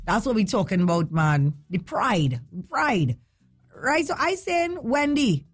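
Trinidadian female host, higher voice, excitable and emotional, casual morning chat. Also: a little slow, breathy edge, faint music behind. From Trinidad and Tobago. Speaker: radio show host.

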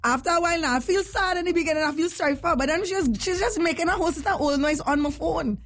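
A woman's voice: very high voice, fast talker, fairly bright tone. A woman hosting a radio call-in show, teasing callers and telling her own stories in casual chat. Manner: playful, teasing, storytelling.

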